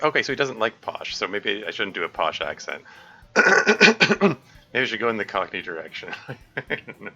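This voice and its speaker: A man's voice: lowish voice, big pitch swings, normal speed, sharp tone, husky. A man casually reading a visual novel aloud on stream, playful and self-deprecating. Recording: dull lo-fi mic, faint music.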